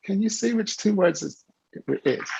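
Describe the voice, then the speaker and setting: Gravelly man telling stories on a call. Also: normal speed, dry recording. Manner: animated storyteller, acts out quoted dialogue with big pitch jumps. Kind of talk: storytelling talk on a video call. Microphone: video call. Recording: dull lo-fi video call audio.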